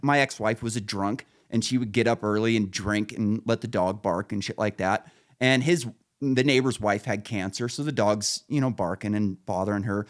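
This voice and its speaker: A man hosting a podcast, telling rambling, profane stories in casual chat and laughing at his own punchlines. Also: mid-range voice. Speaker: podcast host.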